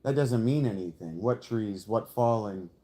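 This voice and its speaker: A man's voice: on the low side, moderate pace, warm tone. A man casually reacting to a song, musing aloud as he picks apart its lyrics, with the odd swear.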